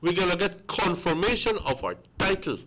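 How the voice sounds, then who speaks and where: Male guest, pitched a bit high, punchy and insistent, hammers each point. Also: lively intonation, normal speed, fairly bright tone, slight background noise. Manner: emphatic, repeats words for stress. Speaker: guest commentator. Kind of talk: morning show discussion.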